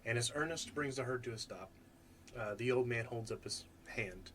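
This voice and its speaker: A man narrating as game master of a tabletop game, relaxed and loose, with many fillers. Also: medium pitch, moderate pace, noisy background.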